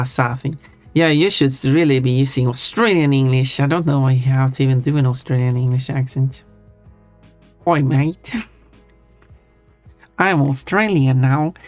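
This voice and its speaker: Flat-voiced man rambling on a stream. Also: medium pitch, no room sound. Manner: rambling, thinking aloud with frequent self-corrections. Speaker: livestreamer. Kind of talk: casual chat while drawing on stream.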